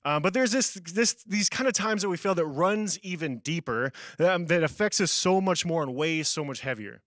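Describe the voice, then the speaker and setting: Young male youth pastor, casual sermon, laughs at himself, slightly high pitch, dry sound. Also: lively intonation, moderate pace, fairly bright tone, no echo. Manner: casual, self-deprecating storytelling with laughs.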